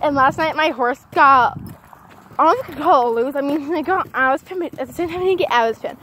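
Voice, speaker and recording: A woman's voice: high-pitched, quick pace, a bit bright, a little hiss or hum. A teenage girl vlogging outdoors on a walk, chatting casually into a handheld phone, easily distracted and breaking off to call her dog. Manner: distracted, chatty, keeps calling to her dog mid-sentence. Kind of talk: casual rambling vlog.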